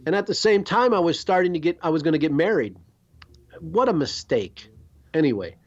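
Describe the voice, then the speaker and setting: A man's voice: a little high, fairly quick, highs cut off. A middle-aged man, hosting a podcast and telling rambling, profane stories. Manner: rambling, profane, animated storyteller. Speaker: podcast host. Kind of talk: storytelling chat.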